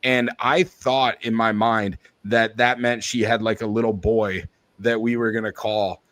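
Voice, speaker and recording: A man tells a rambling anecdote at a quick clip on a podcast. His voice is recorded close and dry, with no room sound. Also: lowish voice, fairly even intonation, fairly bright tone, dry recording. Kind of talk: casual storytelling.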